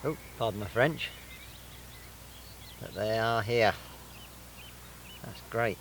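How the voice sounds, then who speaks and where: A lowish-voiced English man chats casually while fishing outdoors by a fenland lake. He talks in a relaxed, self-deprecating way and walks through his rig piece by piece. A faint outdoor hiss sits under his voice. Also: slow, long pauses, poor audio. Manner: chatty, self-deprecating, explains tackle step by step. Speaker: angler vlogger.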